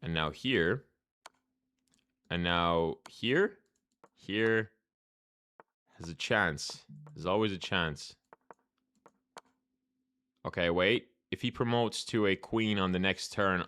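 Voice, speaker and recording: A young man streaming chess, chatting casually with viewers and thinking out loud in a laid-back way, with keyboard clicks behind. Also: deep voice, slow pace, pauses often, smooth. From Ireland. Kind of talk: casual live-stream chat while playing chess.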